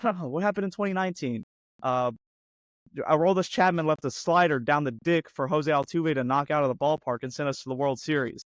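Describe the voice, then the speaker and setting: A man co-hosting a sports podcast, ranting heatedly and mocking a team with rapid-fire rhetorical questions, his voice going hoarse. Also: a little high, dry recording. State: losing his voice. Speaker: podcast co-host.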